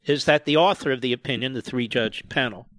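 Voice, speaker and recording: A man's voice: medium pitch, fairly quick, fairly bright tone, dry recording, clean studio sound. A man hosting a talk radio show, delivering emphatic, sarcastic, indignant political commentary.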